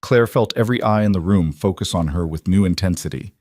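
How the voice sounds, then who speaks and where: Low-voiced male story narrator. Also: brisk, a little mellow, no echo. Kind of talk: scripted narration.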